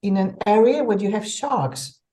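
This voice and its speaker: A woman from Belgium, an executive coach telling stories in a conversational interview, animated and restarting her words often. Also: mid-range voice, normal speed, poor audio.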